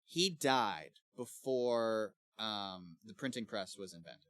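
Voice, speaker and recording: A man's voice: fairly low pitch, slow, no echo. Laid-back young man, dry close sound. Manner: relaxed, rambling, laughs often. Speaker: podcast co-host. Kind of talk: casual book club chat.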